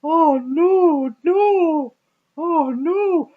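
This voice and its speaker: A frantic little chimpanzee yelps in a squeaky voice far above a grown man's usual register. The sound is dull and lo-fi. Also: extremely slow, full character voice. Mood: panicked. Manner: squeaky, yelping panic. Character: panicky comic male chimpanzee in a parka. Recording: dull lo-fi recording.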